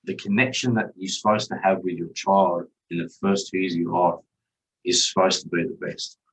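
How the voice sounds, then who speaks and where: A man's voice: deep voice, steady tone, normal speed, a bit bright, distant mic, poor audio. A man, a podcast guest telling his own story candidly and bluntly, swearing freely. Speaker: podcast guest, chef and father.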